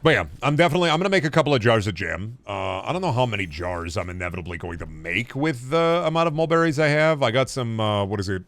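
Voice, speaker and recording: A man's voice: mid-range voice, animated, quick pace, few pauses, a bit bright, no echo. A man in his thirties streaming a game, chatting in a rambling, laid-back way and swearing freely. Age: 30s. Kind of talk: casual gaming-stream chat.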